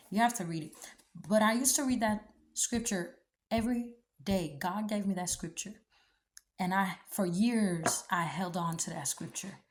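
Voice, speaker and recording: A woman's voice: mid-range voice, unhurried. A woman talks straight to her listeners about trust and faith, blunt and preachy with slangy asides. Her colors every line. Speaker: speaker giving encouragement. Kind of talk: motivational faith talk.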